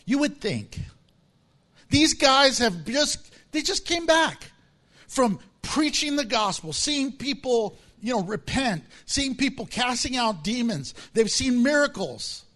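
High-voiced animated man preaching. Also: slow pace. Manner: animated, acts out voices with big pitch swings; humorous, laughs often. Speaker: pastor. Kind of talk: sermon.

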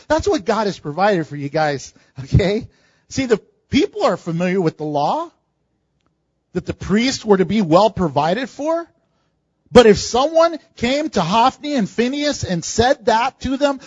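A high-pitched man preaches a verse-by-verse sermon to his church. He acts out quotes and laughs along. The sound is dry and slightly lo-fi. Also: sing-song, normal speed, husky, dry recording. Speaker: pastor.

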